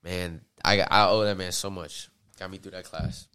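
A young man from Atlanta, a podcast guest, telling stories in a casual, slangy, animated way and laughing often. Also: sits low, moderate pace, clean tone, no room sound, studio quality. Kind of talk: casual storytelling.

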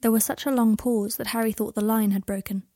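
A woman's voice: a little high, steady tone, brisk, dark tone, no echo, clean studio sound. A woman narrating a story aloud, reading every character's texts and dialogue herself. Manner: reads both characters' dialogue and texts in one voice. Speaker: fan fiction audiobook reader. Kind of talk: scripted narration.

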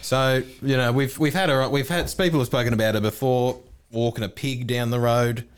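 A man's voice: medium pitch, steady tone, moderate pace, smooth. A man, co-hosting a podcast and telling a rambling, laughing, sweary anecdote. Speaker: podcast co-host. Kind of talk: casual chat.

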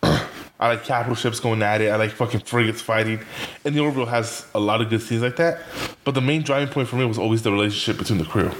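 A man's voice: on the low side, quick pace, a little hiss or hum. A young man chatting casually as a podcast co-host, laughing often and swearing while he retells jokes. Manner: laughing, swearing, acts out quotes. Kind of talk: casual chat.

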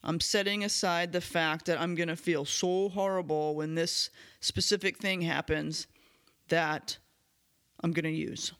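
A man with a somewhat high, sharp and bright voice hosts a recovery podcast on his own. He speaks in an earnest, candid and self-reflective way. His voice is a little hoarse, and he clears his throat from time to time. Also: steady tone, unhurried. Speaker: podcast host. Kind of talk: solo recovery podcast talk.

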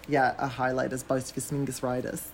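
A man's voice: medium pitch, completely flat delivery, moderate pace, slight background noise. A man from Canada, a drag performer, chatting casually as a podcast guest, with many fillers and frequent laughs.

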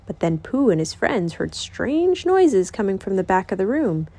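A woman reading a children's picture book aloud as host of a reading channel, in an expressive, lilting voice. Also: medium pitch, normal speed, no echo.

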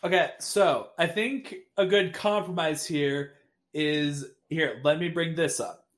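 A man co-hosting a podcast, calmly steering the group toward compromise in casual chat. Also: a little high, takes it slowly. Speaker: podcast co-host.

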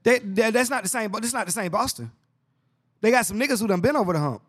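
Casual podcast host, male, a little higher-pitched, excitable, slangy and repetitive. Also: fast talker. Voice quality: excitable, slangy, repeats himself. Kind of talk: casual basketball chat.

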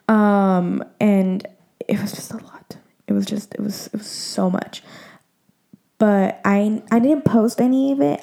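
A woman's voice: mid-range voice, vocal fry, dark tone. A young woman in her twenties chatting candidly to her viewers, full of "like" and "um" fillers. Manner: candid and emotional. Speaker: vlogger. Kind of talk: casual chat to viewers.

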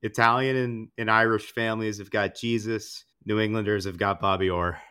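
Bright, smooth-voiced podcast co-host. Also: male voice, on the low side, steady tone, normal speed. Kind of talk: casual podcast chat.

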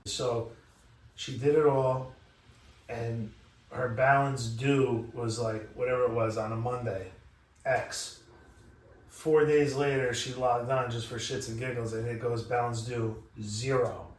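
A man in casual podcast chat, telling stories in an animated, profane way. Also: mid-range voice, unhurried. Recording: echoey room, mic at a distance.

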